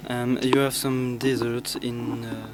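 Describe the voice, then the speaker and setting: A teenage boy introduces himself to pen pals, halting with many restarts and fillers. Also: medium pitch, flat delivery, over loud music, poor audio. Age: teens. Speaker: student.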